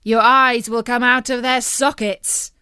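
A woman voicing a bold, greedy young male soldier in a read-aloud storybook, speaking briskly and commandingly, a little higher than her narration. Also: flat delivery, sharp tone, clear, resonant tone, no echo, studio quality. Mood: cocky.

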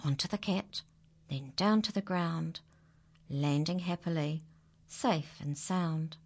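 A woman reading a rhyming children's picture book aloud, dramatic, dropping to hushed whispers and rising to high exclamations. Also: takes it slowly. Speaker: children's story reader.

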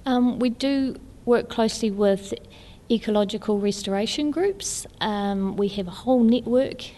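A woman with a New Zealand accent, an environmental hub coordinator, answering interview questions in an informative, steady way with fillers. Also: on the high side, normal speed, big-room sound. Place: kiosk in botanic gardens.

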